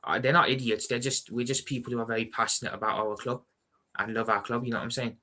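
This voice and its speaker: A man's voice: mid-range voice, level tone, fast talker, bright, forceful tone. A man with a Scouse accent from Liverpool, chatting bluntly and rambling on a live football watchalong stream, often repeating "you know what I'm saying". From Liverpool, England. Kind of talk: casual live-stream chat.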